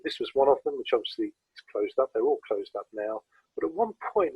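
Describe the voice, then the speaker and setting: A man with a southern English accent gives an easygoing photography talk, full of "um"s and restarts. His voice is a little husky and mid-pitched. The video-call audio is dry and somewhat muffled. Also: no room sound. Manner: relaxed, anecdotal, with frequent hesitations. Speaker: guest speaker presenting photography. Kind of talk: informal illustrated talk.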